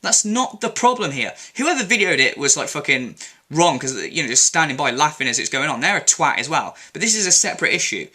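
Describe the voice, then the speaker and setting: A young man vents in an angry opinion vlog, swearing freely and dripping with sarcasm. His voice is very bright and sharp, sitting fairly high, and it leaps around with lively intonation. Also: brisk, husky. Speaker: commentary vlogger.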